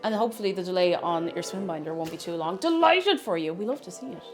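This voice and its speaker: Lively Irish woman chatting while cooking. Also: fairly low pitch, quick pace, soft background music. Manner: chatty, self-mocking, thinking aloud. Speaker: streamer. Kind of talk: casual cooking stream chat. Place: home kitchen.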